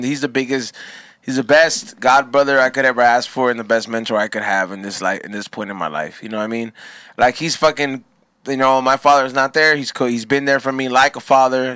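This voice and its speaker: Bright-voiced guy in casual chat. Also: mid-range voice, smooth, dry recording, clean studio sound. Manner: profane, animated storyteller mixing in Spanish phrases.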